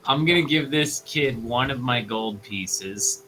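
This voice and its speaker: A man plays a tabletop game, declaring his character's actions decisively. His voice is bright and forceful. A faint hiss runs under it. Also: medium pitch, measured pace, low-quality recording. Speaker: player. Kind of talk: tabletop role-play.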